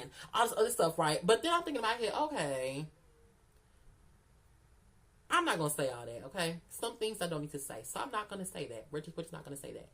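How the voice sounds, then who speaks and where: A woman's voice: on the low side, big pitch swings, fast. A woman telling a candid, profane story in casual vlog chat, repeating phrases for emphasis and calling the listener "girl". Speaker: storyteller vlogger.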